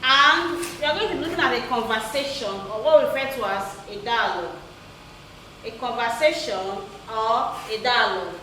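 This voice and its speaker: High, bright-voiced woman teaching from far off. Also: a little hiss or hum. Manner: slow, repetitive, instructional, repeats key phrases. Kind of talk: recorded remote English lesson. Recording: echoey room, voice from far off.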